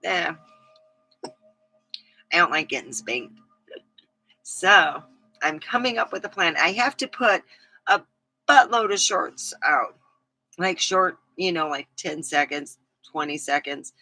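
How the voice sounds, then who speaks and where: A middle-aged woman chats to her camera in an unhurried, drawn-out way, her voice bright and forward. She rambles frankly, drops swear words and laughs at her own stories, while faint music plays behind her. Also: lowish voice, expressive, low-quality recording. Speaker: vlogger. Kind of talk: casual chat to camera.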